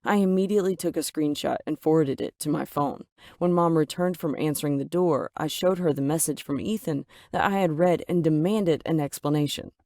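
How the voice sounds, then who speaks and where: A woman's voice: low-pitched, a little fast, mellow, no room sound. Woman narrating a dramatic story, dry. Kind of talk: scripted first-person story narration.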